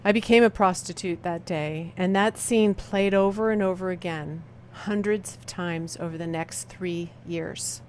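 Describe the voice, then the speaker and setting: A woman's voice: fairly low pitch, steady tone, a little hiss or hum. Middle-aged woman telling a heavy personal story. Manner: slow, heavy dramatic pauses, quiet intense delivery. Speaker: motivational speaker. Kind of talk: emotional personal testimony talk.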